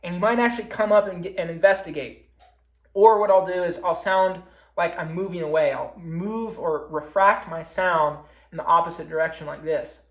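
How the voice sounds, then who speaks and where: A man's voice: sits high, normal speed, a bit bright. A young man giving a casual recorded talk on hunting, explaining his methods as he demonstrates them. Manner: casual, explains with hands-on calling demos. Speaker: hunting presenter. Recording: echoey room.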